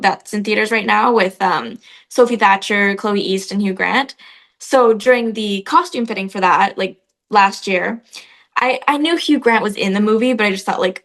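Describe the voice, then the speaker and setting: A young woman talks casually as a guest on an interview show, her voice at a middle pitch for a woman. She tells stories in a loose, chatty way, peppered with filler words. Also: fairly bright tone. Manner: chatty storytelling, frequent "like" fillers. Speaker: actress, guest.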